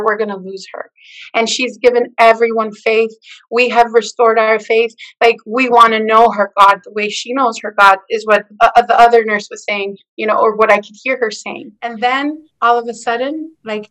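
Bright-voiced woman telling her testimony. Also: a little high, rough recording. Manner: expressive storyteller who acts out the quoted lines. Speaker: guest sharing her testimony. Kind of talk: animated personal testimony.

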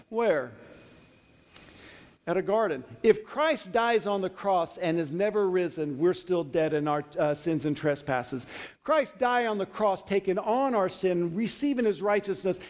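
A man's voice: sits high, a little mellow, in a large hall. A man teaching a sermon, retelling scripture in an earnest, conversational way with frequent restarts. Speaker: Bible teacher.

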